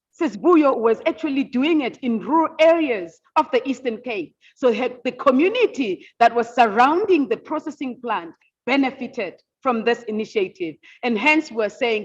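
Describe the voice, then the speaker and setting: A woman's voice: on the high side, husky. A woman moderating a virtual seminar, emotional and formal, with many fillers. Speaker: event moderator. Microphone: video call. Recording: dull lo-fi video call audio.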